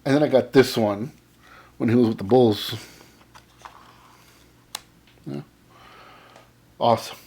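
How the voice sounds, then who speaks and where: With a mid-range, darkish and slightly rough voice at a moderate pace, this vlogger walks through his latest comic and card haul. He's enthusiastic and rambling, saying again and again how awesome the items are.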